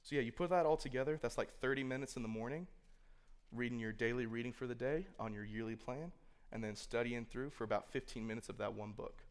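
A man's voice: medium pitch, fast. Man giving a chatty youth sermon. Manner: conversational, filler-heavy, acts out imagined inner thoughts. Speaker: youth speaker. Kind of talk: casual sermon to a youth group. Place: room with a live audience.

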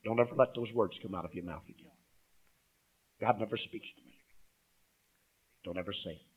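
A man preaching a sermon. He calls out to the congregation, swings from loud emphasis to hushed asides, and reads scripture aloud. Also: low-pitched, breathy edge, narrow, tinny audio.

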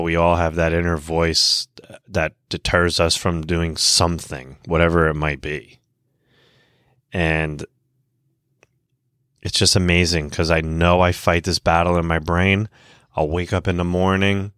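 A man's voice: low voice, a bit bright, dry recording, studio quality. A man hosting a podcast from the United States, talking in a blunt, profane, rambling casual monologue. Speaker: podcast host.

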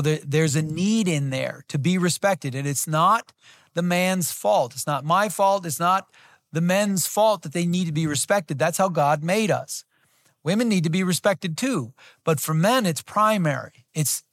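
A man with a fairly high voice gives a relaxed, conversational sermon. He reads scripture aloud and circles back on his main points, repeating them to drive them home. The sound is close and dry. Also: no echo. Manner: plain-spoken, repeats key phrases for emphasis. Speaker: Bible teacher.

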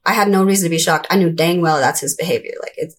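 A young woman with a fairly low voice talks through her past in a relaxed, candid way. She slips into bright, squeaky voices to act out what people said. The tone stays conversational and unhurried. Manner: conversational, acts out childhood voices with high-pitched quotes. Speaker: interview guest. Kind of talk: candid personal storytelling.

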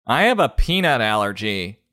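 A man's voice: on the low side, big pitch swings, normal speed, bright, forceful tone. A man putting on a prissy, indignant adult who complains about allergies in a comedy book review. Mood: whiny.

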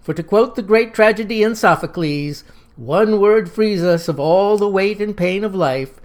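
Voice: mid-range voice, a little slow, a little mellow, close to an everyday voice. A narrator doing a pompous bookish teacher. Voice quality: lofty, quotation-heavy delivery. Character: pompous scholarly male teacher who quotes classics.

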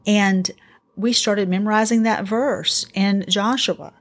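Earnest mom encouraging other parents. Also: female voice, medium pitch, takes it slowly. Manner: earnest, encouraging, animated storytelling with acted quotes. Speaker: podcast host. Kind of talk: casual faith-based parenting talk.

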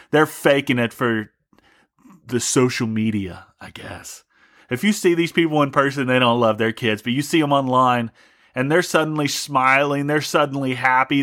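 A man's voice: medium pitch, fairly bright tone. A young man hosting a podcast, delivering a profane, mock-angry comedic rant. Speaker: podcast host.

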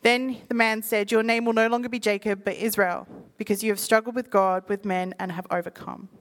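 A woman preaching to a live audience, reading scripture quickly and then explaining it in lively, casual talk. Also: medium pitch. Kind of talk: sermon.

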